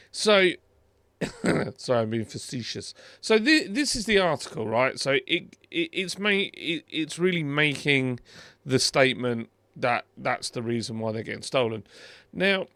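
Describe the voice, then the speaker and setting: Middle-aged British man, casual commentary, wry, chatty, bright forceful edge, dry close sound. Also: mid-range voice, lively intonation, a little slow, no echo. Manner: chatty and wry, with many fillers and restarts. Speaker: car video host. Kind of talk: casual commentary over a screen recording.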